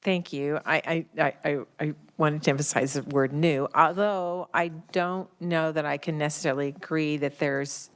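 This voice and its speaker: Low-voiced senator questioning a witness. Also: female voice, steady tone, clear, resonant tone. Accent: American Midwest. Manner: halting, hesitant questioning with restarts. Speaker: state senator. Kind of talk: committee questioning. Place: legislative hearing room.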